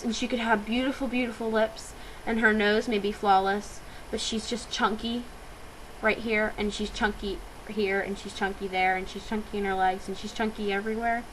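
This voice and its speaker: A woman's voice: medium pitch, fairly bright tone, a little hiss or hum, low-quality recording. A teenage girl ranting into her webcam in a fired-up vlog, with lots of fillers and hesitations. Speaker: vlogger.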